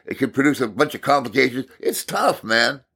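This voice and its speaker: A middle-aged man giving a personal devotional talk, telling a story with animated emphasis, repeating words and swinging from exasperated outbursts to quiet reflection. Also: mid-range voice, a little fast, husky. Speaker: Christian speaker.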